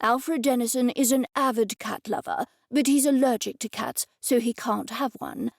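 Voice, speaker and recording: A cheerful older man laying out his schemes, read by a woman narrator. His lines come gravelly and dry, close to the mic, with a brisk, upbeat manner. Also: fairly high pitch, expressive, no echo.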